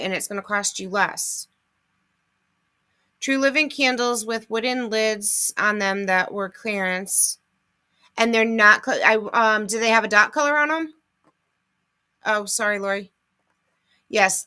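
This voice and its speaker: Chatty bright-voiced woman livestream host. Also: mid-range voice. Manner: chatty, reads off items and answers comments. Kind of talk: casual livestream chat.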